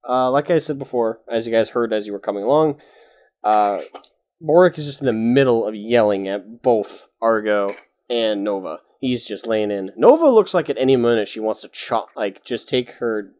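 Animated man running a tabletop game. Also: mid-range voice, moderate pace. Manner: casual, rambling with many fillers. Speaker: game master.

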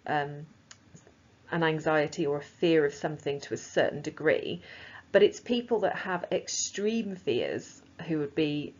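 Woman, teacher, casual chatty explaining, husky, muffled recording. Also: sits low. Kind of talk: recorded lesson. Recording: slightly dull lo-fi sound.

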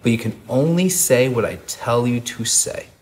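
A man's voice: mid-range voice, animated, normal speed, darkish tone, a little hiss or hum, close to an everyday voice. A man voicing God who gave a firm command.

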